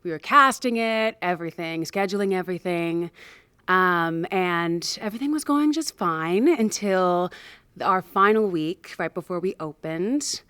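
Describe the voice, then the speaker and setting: Young woman, actor, smooth resonant voice, lower pitch, dry close recording, chatty anecdote. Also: a little slow, a bit bright, no room sound. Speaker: actor and producer. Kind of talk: casual anecdote to camera.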